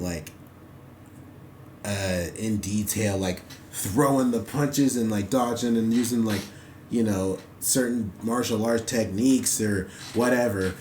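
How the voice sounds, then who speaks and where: A man's voice: fairly low pitch, a little hiss or hum. A man hosting an anime reaction, chatting casually and rambling with lots of fillers. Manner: loose, rambling, heavy on fillers like "like" and "you know". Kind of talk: casual commentary while watching. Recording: roomy echo with loud soundtrack music behind.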